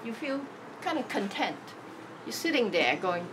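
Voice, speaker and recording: Expressive woman teacher, noisy background. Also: on the high side, normal speed, recorded from a distance. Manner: expressive, swinging between emphatic and soft, acting out feelings. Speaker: spiritual teacher. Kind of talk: motivational talk to camera.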